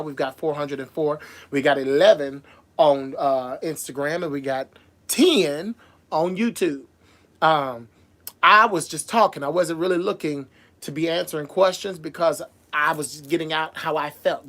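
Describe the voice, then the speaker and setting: Sassy drag host chatting on a livestream. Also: male voice, a little high. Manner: animated and sassy, calls viewers girl and boo, frequent laughs. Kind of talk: casual livestream chat reading viewer comments. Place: in Las Vegas.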